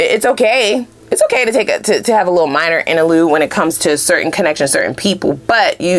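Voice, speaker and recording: A woman giving a tarot reading in a casual, chatty, profane way, often jumping up into loud high exclamations. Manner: chatty, blunt and profane, with frequent "you know what I'm saying". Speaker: tarot card reader.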